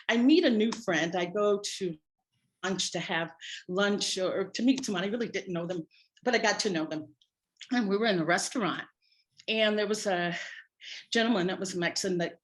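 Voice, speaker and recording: A middle-aged woman, a spiritual practitioner, telling a personal story to her congregation in an animated, wry way. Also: mid-range voice.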